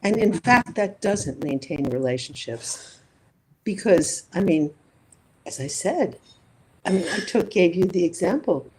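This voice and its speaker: This psychologist guest speaks with a fairly low, expressive voice at a slightly slow pace, her tone on the darker side. Being interviewed, she works through ideas with examples and rhetorical questions, over poor audio with slight background noise.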